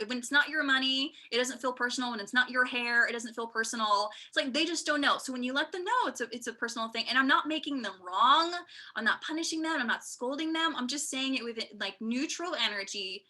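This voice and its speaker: A woman coach answering viewers' questions live, animated and quick to laugh, acting out what people say. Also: a little high. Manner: animated, quotes people in lively voices. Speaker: boundaries coach. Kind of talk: live Q&A teaching.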